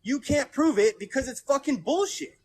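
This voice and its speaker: A man's voice: very high-pitched, lively intonation, moderate pace, crowd noise. A man in a heated argument, angry and swearing as he talks over the other person. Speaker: debate participant.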